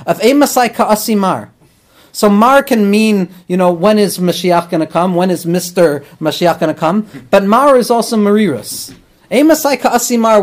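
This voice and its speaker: A man teaching as a rabbi and therapist, earnest and explanatory, weaving Hebrew terms into his talk. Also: high voice.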